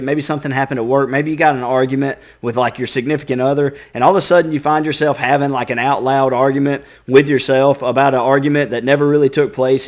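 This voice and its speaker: A man giving casual reaction commentary, chatty and acting out little inner voices. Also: mid-range voice. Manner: chatty, acts out inner voices, repeats himself. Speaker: reaction video host.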